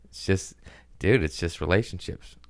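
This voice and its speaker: A man hosting a podcast in a casual rambling monologue, profane and self-mocking, drifting between quick asides and mumbled lines. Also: low voice, gravelly, a little mellow, no room sound. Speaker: podcast host.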